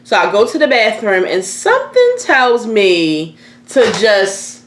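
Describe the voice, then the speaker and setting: A young woman telling a personal story in casual chat, candid and animated, swearing freely. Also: mid-range voice, a little slow. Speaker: host. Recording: echoey room, faint noise.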